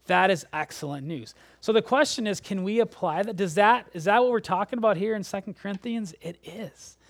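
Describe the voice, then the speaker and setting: A man preaching a sermon. He speaks in animated bursts that rise sharply, then sink to a soft near-whisper at the ends of phrases. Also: high voice, fairly quick, hardly any pauses, no echo. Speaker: pastor.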